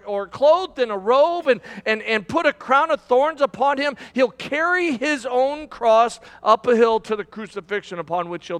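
A man's voice: very high voice, a bit bright. A man preaching a sermon to a congregation, emphatic, with repetitions and restarts. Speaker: pastor. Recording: long hall reverb.

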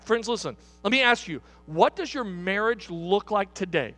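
High, bright-voiced man preaching emphatically. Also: expressive, moderate pace. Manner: emphatic, repeats and asks the congregation questions. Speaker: pastor. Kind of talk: sermon. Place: church hall.

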